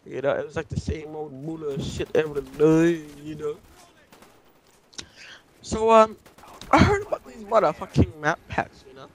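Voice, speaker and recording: Male gameplay commentator, high voice; profane, broken-grammar rambler, endless "you know". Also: lively intonation, measured pace, long pauses, a little hiss or hum, low-quality recording. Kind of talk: rambling comic storytelling over gameplay.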